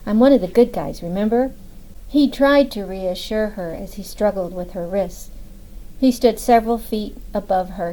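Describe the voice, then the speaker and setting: Mellow-voiced woman audiobook narrator. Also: mid-range voice, poor audio.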